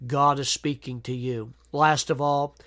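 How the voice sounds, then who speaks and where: A man's voice: medium pitch, steady tone, unhurried, a bit bright. A man preaching a devotional sermon, earnest, with frequent "uh" fillers and repeated words. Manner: earnest, reads scripture aloud with emphasis.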